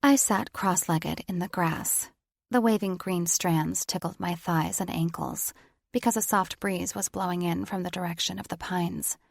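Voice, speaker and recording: Low gravelly female audiobook narrator. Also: fairly even intonation, measured pace, dry recording. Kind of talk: first-person audiobook narration.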